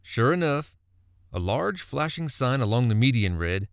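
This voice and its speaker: A man telling a folksy story with a very lively, swooping voice. His tone has a gravelly edge, and the recording is dry and close. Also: mid-range voice, a little slow, no echo. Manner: folksy, animated. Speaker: narrator. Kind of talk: storytelling narration.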